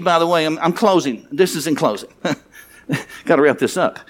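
A man with a high voice preaches with fervor, driving his points home through repetition and rhetorical questions. He speaks as a pastor closing his sermon and leading his congregation into prayer. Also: expressive, moderate pace. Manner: fervent and emphatic, repeating phrases and asking rhetorical questions.

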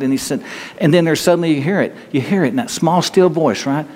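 A man preaching a sermon in a conversational, halting way, often restarting his sentences. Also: mid-range voice, darkish tone, long reverb tail, slight background noise.

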